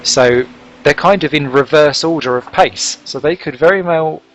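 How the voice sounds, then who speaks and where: Excitable man commentating a sim race. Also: on the high side, moderate pace, highs cut off, slight background noise. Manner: excitable, jokey, chatty play-by-play. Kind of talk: live sim racing commentary.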